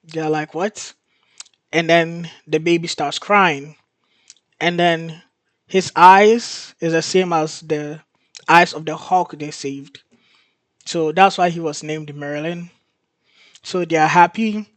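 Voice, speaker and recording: High-voiced man recapping an episode. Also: takes it slowly, no room sound. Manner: excited storytelling, laughs and gasps in disbelief. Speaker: host.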